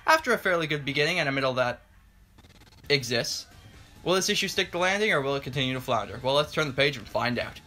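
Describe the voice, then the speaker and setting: A man's voice: mid-range voice, lively intonation, quick pace, sharp tone, faint music behind. A man giving a casual, joking spoken review, loosely paraphrasing what happens with lots of "like". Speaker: comic book reviewer.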